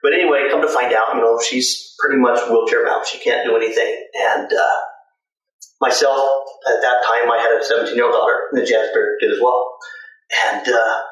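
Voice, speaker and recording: A man's voice: mid-range voice, fairly bright tone. A middle-aged man casually telling long anecdotes about mascot work, with many "and, uh" fillers between thoughts. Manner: rambling anecdotes with frequent "and, uh" fillers. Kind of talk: casual spoken storytelling. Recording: very echoey room, mic at a distance.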